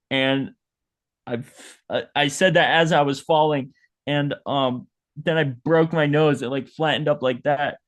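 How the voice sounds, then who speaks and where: A man's voice: a little high, close to an everyday voice. A man playing a self-pitying dead hot dog vendor who rambles melodramatically in an improvised comedy bit. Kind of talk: improvised comedy role-play.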